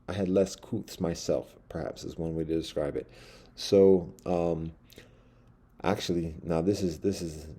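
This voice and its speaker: A man's voice: deep voice, warm tone. A man telling a personal story in a casual, rambling monologue with many asides. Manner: rambling, loose, full of fillers and asides.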